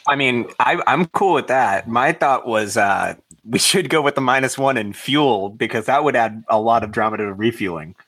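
A man's voice: mid-range voice, moderate pace, a bit bright. A man playing a tabletop game, chatting casually and eagerly tossing out ideas. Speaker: player.

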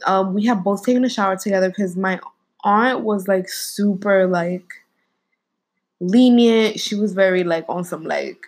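A woman's voice: mid-range voice, unhurried, poor audio. A young woman co-hosting a casual chat, telling a frank story in slangy talk full of fillers.

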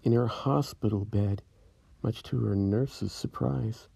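A man narrating a spooky rhyming story in a slow, brooding, measured way. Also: fairly low pitch, gravelly, dark tone, husky, no echo.

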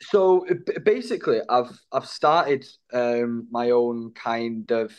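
A man's voice: medium pitch, expressive, slow, clear, resonant tone, lo-fi sound. A man guesting on a podcast as an actor, talking casually in a rambling, matey way with plenty of ums. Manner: rambling, matey, storytelling with filler words. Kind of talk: casual interview chat.

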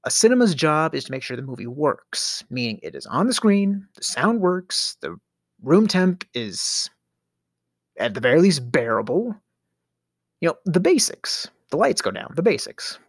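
A man's voice: a little high, sing-song, moderate pace, no room sound, studio quality. A middle-aged man hosting a podcast, telling a storytelling rant in a theatrical way, with sighs, stammers and sudden whispers. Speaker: podcast host.

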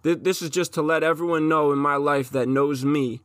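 A man's voice: a little high, fairly even intonation, normal speed, fairly bright tone, no room sound. Intense, profane young man, dry close mic. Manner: intense, profane, restarts often. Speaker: podcast host. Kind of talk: unscripted solo monologue.

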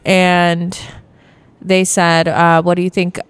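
Smooth low-voiced woman comedian, dry. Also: completely flat delivery, takes it slowly, dry recording. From Virginia, US. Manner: dry, self-deprecating storytelling. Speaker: guest comedian. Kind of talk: casual bar podcast chat.

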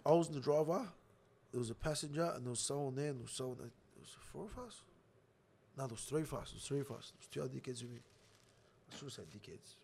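A man's voice: mid-range voice, lively intonation, quick pace, creaky, a little mellow, slight background noise. A young man telling a story in casual chat, blunt and profane, laughing along with his own tale. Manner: profane, blunt, swears constantly.

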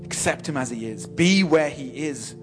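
A man preaching a sermon in church, emphatic and repetitive, stammering on restarts and swinging between loud exhortation and soft, slow moments. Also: fairly high pitch, lively intonation, loud music behind the voice. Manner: emphatic, repeats and builds phrases, stammers on restarts.

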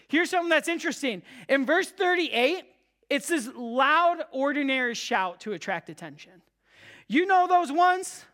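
A pastor preaching a sermon to a live congregation, emphatic and repetitive, swinging between loud cries and hushed low tones. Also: lively intonation, measured pace. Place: church service with a live congregation.

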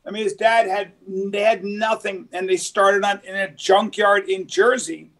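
Male podcast host, high-pitched, rambling anecdotal delivery, slips into other voices. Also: fairly even intonation, measured pace, a bit bright. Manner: rambling storyteller, acts out quoted voices. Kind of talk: casual chat.

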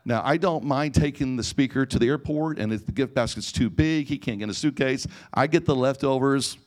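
Speaking a little fast in a mid-range voice with a darkish tone, this pastor delivers a sermon built on personal stories. He acts out conversations and frequently starts over mid-sentence.

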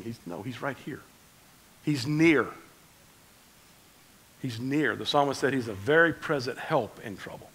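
A man preaching a conversational sermon as pastor, swinging between loud emphasis and quiet asides. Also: mid-range voice, expressive, normal speed, gravelly, long pauses, slightly rough, rough recording.

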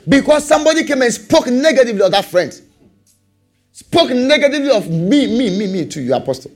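Husky, high-voiced male preacher. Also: a little fast, faint music behind. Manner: animated, repeats rhetorical questions, laughs often. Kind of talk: sermon.

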